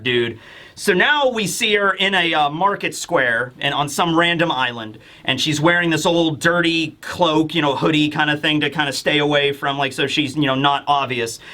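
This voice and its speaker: A man's voice: a little high, bright, forceful tone. A man hosting a casual chat, talking animatedly and loosely with mild swearing. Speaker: host, manga reviewer.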